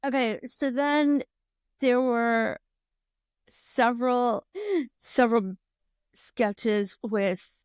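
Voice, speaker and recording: Smooth, dry-voiced chatty woman. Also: a little mellow, dry recording. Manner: chatty, laughs often, quick shifts in pitch when quoting. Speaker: podcast co-host. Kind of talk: casual chat.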